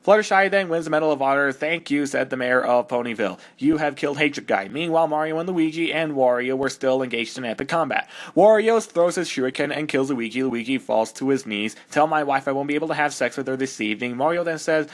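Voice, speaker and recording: A man's voice: mid-range voice, quick pace, few pauses, lightly acted. A man voicing a cocky young male hedgehog hero, reading fan fiction aloud with sarcastic, exasperated mockery. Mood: mocking. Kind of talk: comedic fan-dub reading.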